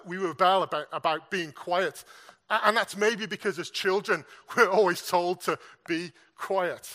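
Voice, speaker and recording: Bright-voiced man preaching a sermon. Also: high-pitched. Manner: earnest, repeats words, asks the audience questions.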